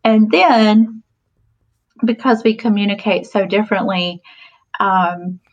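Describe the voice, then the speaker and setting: A woman's voice: mid-range voice, slow pace, dull audio. A woman in her forties, a podcast guest telling stories in a casual chat, talkative with frequent laughs and fillers. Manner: chatty, laughs often, many fillers.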